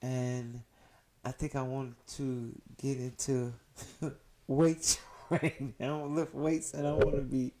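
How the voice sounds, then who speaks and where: A man's voice: medium pitch, level tone, slow, mellow. Laid-back man in his thirties hosting. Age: 30s. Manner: easygoing, bossy with the guests. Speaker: podcast host. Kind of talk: casual chat.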